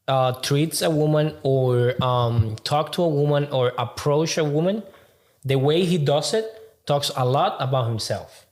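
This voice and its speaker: Male podcast co-host, measured and moralizing with hesitations, slightly high voice. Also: darkish tone. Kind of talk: casual podcast chat.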